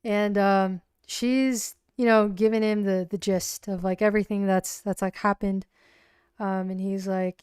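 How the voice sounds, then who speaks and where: Halting woman narrating a solo tabletop game. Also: medium pitch, level tone, darkish tone, smooth, no echo, clean studio sound. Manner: halting, many restarts and fillers.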